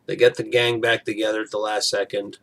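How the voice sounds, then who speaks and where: Gravelly guy rambling through a show recap, lots of "like" and "you know". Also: on the low side, level tone, fairly quick, fairly bright tone. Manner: chatty, rambling with fillers. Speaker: TV episode reviewer. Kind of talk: casual recap vlog.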